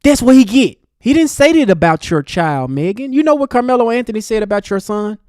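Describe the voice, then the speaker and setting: A man delivers a heated, angry commentary rant, talking straight at the person he is answering. His pitch swings widely as he speaks, and the sound is close and dry with no room echo. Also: lively intonation, brisk, darkish tone, clear, resonant tone. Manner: angry, ranting, addresses the speaker directly. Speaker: commentary host.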